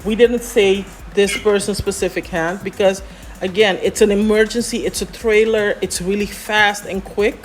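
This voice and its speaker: A woman scriptwriter explaining how to write a script in a relaxed, chatty way, often pausing on "um" and "you know". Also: mid-range voice, faint music behind. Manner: chatty, many fillers, explains step by step. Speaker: scriptwriter guest. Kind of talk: explaining scriptwriting in a casual chat.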